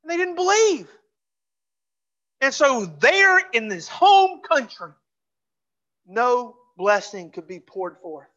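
A pastor preaching a sermon in a church, fervent and repeating phrases for emphasis, dropping to a hush for closing pleas. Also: medium pitch, big pitch swings, slow pace, long pauses, lo-fi sound. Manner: drops to a hushed voice for closing pleas. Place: church sanctuary.

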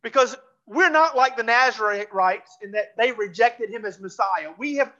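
A pastor preaching a sermon in a church, fervent and repeating phrases for emphasis, dropping to a hush for closing pleas. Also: mid-range voice, animated, normal speed, muffled recording. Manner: drops to a hushed voice for closing pleas. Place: church sanctuary.

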